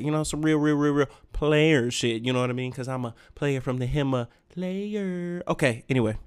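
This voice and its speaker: Young guy w aave going off on a solo podcast rant, cussing, slangy, animated, regular pitch. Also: clean tone. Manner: profane, animated ranting with slang. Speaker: podcast host.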